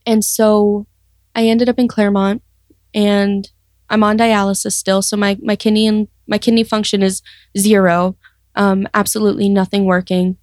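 Young woman guest telling a personal story; earnest, reflective, halting, middle pitch, dry close mic. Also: little pitch movement, darkish tone, no room sound. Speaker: guest sharing testimony. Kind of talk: personal testimony interview.

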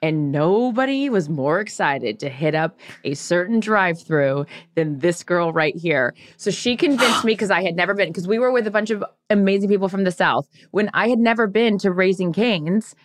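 A woman co-hosting a podcast, chatting casually and telling lively stories, acting out what others said. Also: mid-range voice, normal speed, few pauses, no room sound, clean studio sound. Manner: animated storyteller, acts out quotes in voices. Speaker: podcast co-host. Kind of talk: casual chat.

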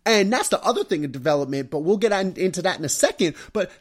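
A young adult man hosting a podcast, telling stories about his baby daughter in a casual, animated way. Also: fast. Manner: animated storytelling, mimics his wife and daughter in high voice. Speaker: podcast host. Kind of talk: casual solo podcast talk.

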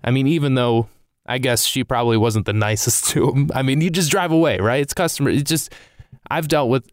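A man tells a story in a casual, rambling way and keeps restarting his sentences with self-deprecating asides. His voice is smooth and clear, recorded close and dry with no room sound. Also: mid-range voice, dry recording. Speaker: comedian telling a story.

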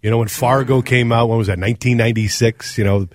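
A man from Minnesota with a Minnesotan accent, co-hosting a radio show in casual, animated talk. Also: mid-range voice, quick pace, dry recording, clean studio sound. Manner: animated, ranting, mimics accents. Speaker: radio co-host.

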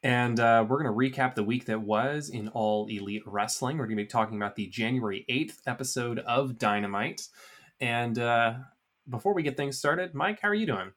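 A man's voice: medium pitch, normal speed, a bit bright. A man hosting a wrestling podcast, chatting in an easygoing, rambling way with many fillers. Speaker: podcast host. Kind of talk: casual chat.

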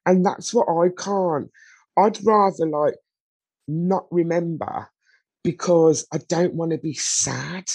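A woman's voice: on the low side, takes it slowly, a little mellow, breathy edge, no room sound. A woman, a guest in an interview, talking candidly and emotionally, bluntly, with frequent rhetorical questions.

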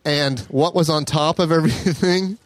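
Male podcast co-host, mid pitch, dry booth sound, loose and profane storyteller. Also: a little fast, no room sound. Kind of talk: casual comedy podcast chat.

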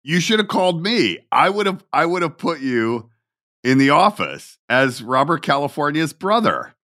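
Man hosting a podcast, chill and chatty, very lively pitch, dry close sound. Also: moderate pace, no room sound. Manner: relaxed, reminiscing, chatty. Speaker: podcast host. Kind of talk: casual interview chat.

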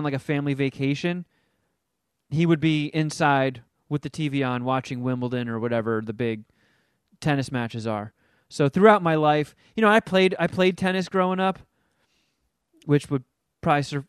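A man's voice: on the high side, moderate pace, clear, resonant tone, dry recording, studio quality. A man chatting casually about a movie he watched, swearing freely and slipping into mocking voices as he retells scenes. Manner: profane, animated, does mocking voices in quotes. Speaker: podcast co-host reviewing a movie. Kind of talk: casual chat.

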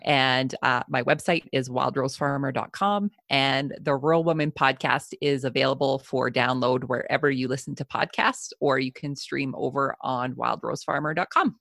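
A woman's voice: extremely low pitch, moderate pace, vocal fry, few pauses, a bit bright, no echo, studio quality. A Canadian woman from Southern Alberta, chatting casually as a podcast guest and laughing often. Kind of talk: casual interview chat.

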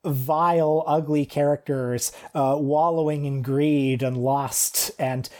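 A man with a mellow, rounded voice, co-hosting a casual podcast. He talks in a wry, animated way, with plenty of likes and uhs as he retells scenes. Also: a little high, slow. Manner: wry, animated storytelling with fillers. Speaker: podcast co-host. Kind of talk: casual film-discussion chat.

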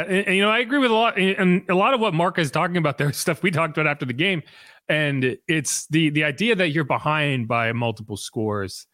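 A man hosting a sports podcast, giving brisk, emphatic analysis. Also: a little high, bright, forceful tone, no echo, clean studio sound. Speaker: podcast host.

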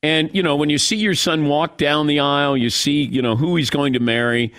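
A man's voice: a little high, steady tone, brisk, a bit bright, no room sound. A middle-aged man hosting a sports radio show, telling a story in a casual, self-mocking and emotional way.

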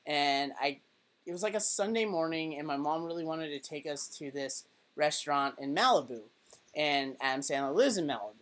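A woman in her twenties co-hosting a casual podcast, her voice sitting a little low. She tells stories with animation and leans on plenty of fillers and restarts. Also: normal speed. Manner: animated storyteller, many fillers. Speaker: podcast co-host. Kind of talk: casual chat.

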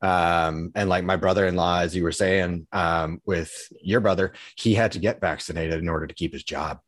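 A man with a very low, deep voice speaks earnestly about what he believes, pausing on fillers as he gathers his thoughts. The recording is dry and close, with no echo. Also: fairly even intonation. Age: adult father of a young daughter. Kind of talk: casual conversation.

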